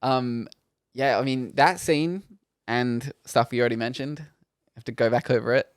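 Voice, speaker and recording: A man co-hosting a podcast, chatting casually about a film in a laid-back, agreeable way with halting phrasing. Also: medium pitch, smooth, no echo, studio quality. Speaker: podcast co-host.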